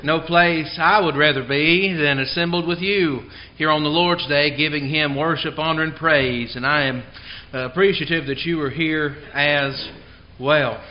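Guy preaching sunday sermon, pretty high voice, leans hard on key words, kinda muffled lo-fi recording. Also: fairly even intonation, a little slow. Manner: emphatic, stresses key words; tells a joke before the lesson.

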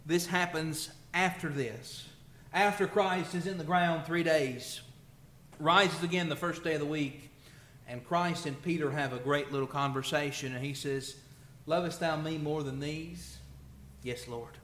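A man preaching to his congregation with a slightly high voice that rises and falls with feeling, loud on scripture and hushed after. The sound carries in an echoey church room. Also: fairly even intonation, a little slow. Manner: emotional, swells loud when reading scripture then drops soft. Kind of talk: sermon. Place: church sanctuary.

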